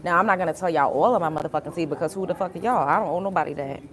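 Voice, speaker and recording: A young woman with a slightly low voice rants casually to her livestream audience. She is blunt and emphatic, swears freely, and keeps circling back to her point while speaking straight to the viewers. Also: racing. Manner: repetitive, addresses viewers directly. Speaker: livestream host.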